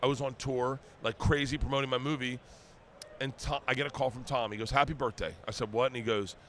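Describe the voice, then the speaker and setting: Middle-aged guy telling wild stories on a podcast, bright voice, acts out all the dialogue. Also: medium pitch, a little fast, slight background noise. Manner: animated storyteller, acts out quoted dialogue. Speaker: guest comedian. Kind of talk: casual podcast storytelling.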